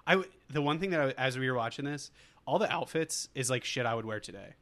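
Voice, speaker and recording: A man's voice: mid-range voice, animated, fast talker, a bit bright. A man co-hosting a podcast, recapping a movie in a rambling, casual way with lots of fillers. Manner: rambling, full of fillers and quoted lines. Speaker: podcast co-host.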